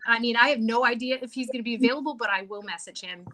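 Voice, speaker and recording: A woman's voice: fairly high pitch, very fast, pushed and bright. A woman guest author chatting casually in an interview, laughing often and trailing into fillers.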